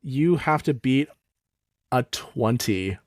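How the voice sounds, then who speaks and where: A man narrating and ruling as dungeon master of a tabletop game, animated and quick in bursts. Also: medium pitch, dry recording, clean studio sound.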